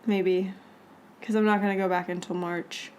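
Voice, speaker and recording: Brief: Canadian woman co-host, dry humor, easygoing chat, mid pitch. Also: flat delivery, moderate pace, darkish tone. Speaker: podcast co-host. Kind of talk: casual chat.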